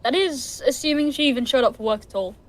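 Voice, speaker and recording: A woman's voice: high-pitched, fast, slight background noise, lightly acted. A British woman reading as an easygoing young friend. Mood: calm.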